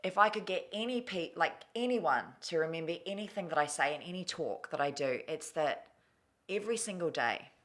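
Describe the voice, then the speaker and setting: A woman speaks in a notably low register. She tells her story candidly and with feeling, swearing casually as she goes. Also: lively intonation, normal speed, fairly bright tone. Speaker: guest.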